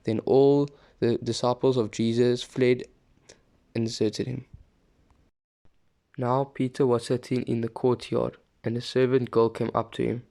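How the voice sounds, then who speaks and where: A man reading a scripture passage aloud, steady and plain, with the odd small slip and restart. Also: medium pitch, unhurried, vocal fry. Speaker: scripture reader.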